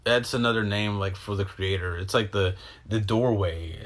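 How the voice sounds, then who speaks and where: Brief: young man, lowish voice, loose rambling monologue, swears a lot, jumps between thoughts. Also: moderate pace. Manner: animated, acts out his own reactions. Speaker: podcast host. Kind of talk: casual storytelling.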